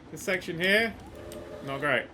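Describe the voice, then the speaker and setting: A man talks through a video game in a casual, excitable way, full of swearing. His bright voice leaps between low mutters and loud outbursts. Faint background noise and keyboard typing sit behind him. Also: unhurried. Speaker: gaming YouTuber. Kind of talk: casual let's-play commentary.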